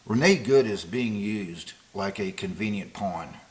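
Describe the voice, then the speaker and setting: A man's voice: fairly low pitch, lively intonation, a little slow, slight background noise. A man giving casual spoken commentary to camera, rambling and digressive, with frequent fillers and restarts. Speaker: political commentator.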